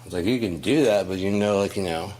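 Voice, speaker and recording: Deep-voiced man ranting profanely. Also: fairly quick, darkish tone, a little hiss or hum. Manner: profane, rambling, storytelling with acted quotes. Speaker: host. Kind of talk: casual monologue rant.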